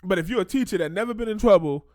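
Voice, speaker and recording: A man hosting a casual commentary show, reacting in animated slang and breaking into mocking quoted voices. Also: high voice, racing, dry recording, studio quality.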